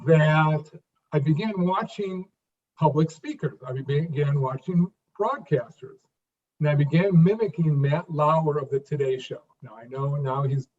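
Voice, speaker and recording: Brief: fifties man, interview guest, slightly high voice, halting restarts, distant dull recording. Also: darkish tone. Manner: halting restarts, repeats words, then emphatic phrases. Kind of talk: conversational interview.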